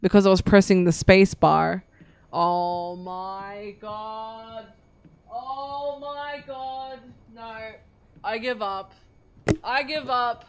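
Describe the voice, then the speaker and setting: A woman's voice: on the high side, fairly even intonation, drawn-out words, background noise. A young woman streaming games live, swearing constantly and ranting at the game when it frustrates her.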